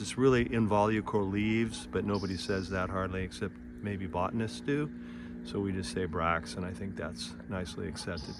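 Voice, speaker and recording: A man with a Californian accent giving a relaxed outdoor garden demonstration, explaining plainly with small asides. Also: lowish voice, noisy background. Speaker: nursery gardener.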